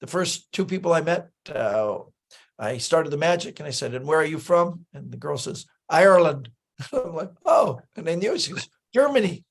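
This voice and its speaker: Male guest-host, high voice, lively anecdotal storyteller who acts out dialogue. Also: moderate pace, creaky. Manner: animated storyteller, acts out quoted lines, many fillers and restarts. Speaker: magician telling stories on a talk show. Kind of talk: casual anecdotal chat.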